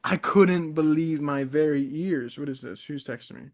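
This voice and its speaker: A young man in casual podcast chat, an animated storyteller who wanders into tangents. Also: a little high, moderate pace. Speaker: podcast co-host.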